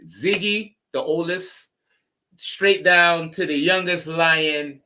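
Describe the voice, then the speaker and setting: A man's voice: on the high side, slow pace, sharp tone. A man co-hosting a casual chat show, joking and rambling with lots of fillers. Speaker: co-host.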